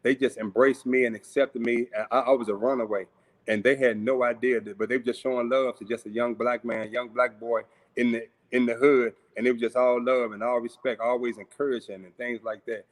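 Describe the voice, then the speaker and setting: The man, a guest storyteller from St. Louis, USA, talks briskly with medium pitch and little movement in it. He tells a personal story in a chatty way, voicing the people he quotes and using plenty of fillers.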